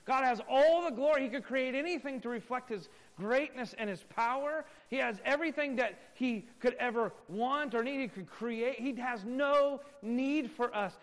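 High-voiced man preaching in a reverberant hall. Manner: emphatic preaching, swinging from loud stresses to hushed asides. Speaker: pastor. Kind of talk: sermon.

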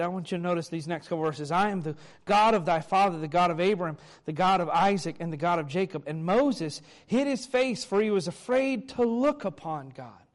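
Male pastor, fairly high voice, preaches a sermon, reads verses aloud and unpacks them. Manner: reads scripture aloud, then explains it.

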